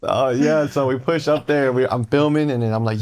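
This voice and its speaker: A young man, a guest, tells a story in casual chat, acting out the quotes in an animated way and saying "like" a lot. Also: mid-range voice, a little fast. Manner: animated, acts out quotes, many "like"s. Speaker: guest, long-distance skateboarder. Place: small reverberant room. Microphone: lapel mic. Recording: small echoey room with background noise.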